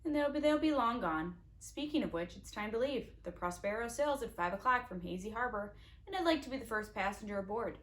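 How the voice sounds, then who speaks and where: A woman's voice: a little high, expressive, brisk, a bit bright. A woman reading a storybook aloud, voicing a sneering, menacing adult male villain with a mocking, threatening manner. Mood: gloating.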